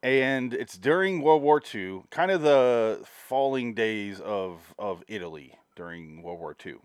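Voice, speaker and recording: Lively-voiced man chatting about movies. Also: lowish voice, unhurried, clean tone, no echo, studio quality. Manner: laid-back, joking, profane. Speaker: podcast co-host. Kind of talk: casual movie-review chat.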